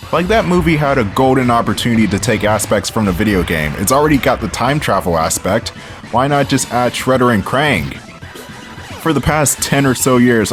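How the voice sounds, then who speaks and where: A man giving casual, sarcastic gameplay commentary, often laughing at his own jokes. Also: mid-range voice. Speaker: let's play commentator.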